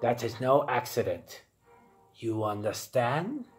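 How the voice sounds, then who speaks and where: A man voicing a gruff, stern male Ewok war chief with a raspy voice and clipped, broken speech. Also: medium pitch, big pitch swings, takes it slowly, soft background music. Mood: solemn.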